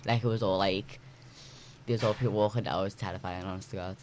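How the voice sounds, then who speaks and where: Fast-talking man, emphatic. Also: low voice, steady tone, noisy background. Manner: emphatic, filler-heavy with "like". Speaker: discussion participant. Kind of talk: casual group chat.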